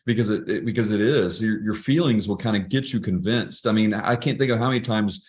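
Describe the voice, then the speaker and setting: A middle-aged man with a slightly low voice talks as a podcast guest. He tells personal stories earnestly and reflectively, often restarting his sentences mid-thought in a relaxed conversational tone. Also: brisk. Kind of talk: casual interview conversation.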